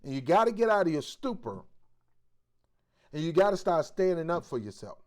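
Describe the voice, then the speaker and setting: A male host giving preachy commentary in a forceful, exhorting way, with blunt street slang. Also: on the high side, very animated, moderate pace.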